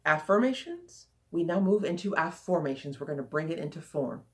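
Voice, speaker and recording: A woman coach giving a casual, chatty teaching talk, lively and repeating phrases for emphasis. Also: sits low, a little fast.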